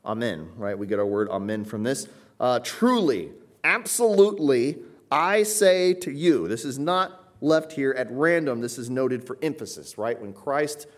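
A male pastor delivering a sermon in a church, talking with his congregation in a conversational style. He leans hard on key words for emphasis and keeps checking in with quick rhetorical asides. His voice sits at an ordinary, mid-range pitch.

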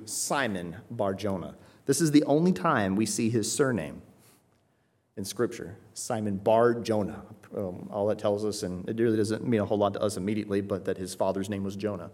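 A man's voice: medium pitch, a little mellow. Emphatic male preacher, keeps asking "right?". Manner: emphatic, often asks "right?". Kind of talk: sermon.

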